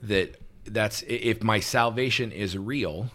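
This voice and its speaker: A man co-hosting a relaxed talk show, explaining points patiently and checking in with "right?" between them. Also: fairly low pitch, slow. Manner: relaxed, with frequent "um" and restarts, laughs easily. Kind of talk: casual teaching conversation.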